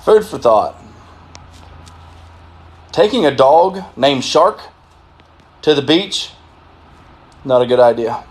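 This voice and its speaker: A man telling crude, profane jokes with deadpan setups, from inside a car. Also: medium pitch, takes it slowly, long pauses, husky. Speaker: comedian. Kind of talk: stand-up joke telling.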